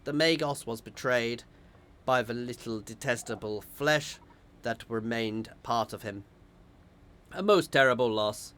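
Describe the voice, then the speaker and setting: A man's voice: medium pitch, measured pace, a bit bright, clean tone, lightly acted. A man voicing a devout, solemn male machine priest, reading game dialogue in a ceremonial way. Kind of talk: video game voice-over reading.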